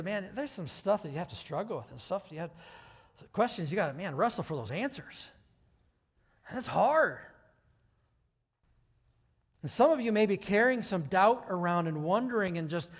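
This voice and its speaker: A male pastor giving a sermon to his church, talking conversationally and rising to loud, emphatic passages. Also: a little high. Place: church sanctuary. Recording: hall reverb.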